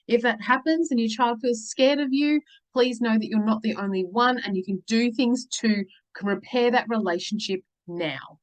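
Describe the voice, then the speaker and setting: A woman's voice: on the high side, normal speed, poor audio. A middle-aged woman, coaching parents and giving advice to the camera. She sounds earnest and reassuring and keeps checking in with "okay" and "all right.". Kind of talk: talking to camera, advice video.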